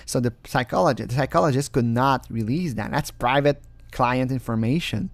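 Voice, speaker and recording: A man's voice: mid-range voice, moderate pace, no echo. A man who is not a native English speaker, giving casual, sarcastic commentary, often breaking into mocking laughter.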